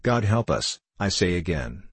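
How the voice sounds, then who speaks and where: A man reading a story aloud in a measured, even narration with a husky voice. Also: sits low, no room sound. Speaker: audiobook narrator. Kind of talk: scripted narration.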